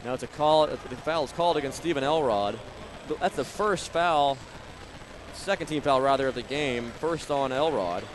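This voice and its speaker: A man doing live play-by-play of a high school basketball game, rattling off plays and scores with bursts of excitement on big shots. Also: normal speed, noisy background. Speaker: play-by-play announcer.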